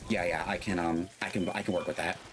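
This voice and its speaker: A man voicing a timid young man turned into a puppet, speaking hesitantly and a bit lower than his own voice. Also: fairly even intonation, fast talker, background noise, natural voice.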